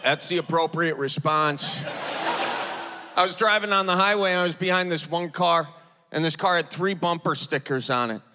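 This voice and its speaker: A man's voice: on the high side, normal speed. A stand-up comedian in his thirties with an Upper Midwest accent, telling stories in a folksy, playful way before a live audience on stage. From Wisconsin. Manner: folksy, animated, playful storytelling. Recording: loud live audience noise.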